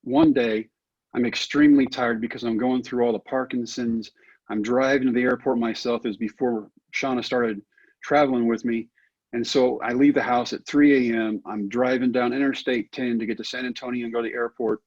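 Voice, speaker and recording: Earnest folksy middle-aged man, husky voice. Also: mid-range voice, steady tone, normal speed, darkish tone, no echo, lo-fi sound. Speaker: guest. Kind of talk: storytelling interview answer.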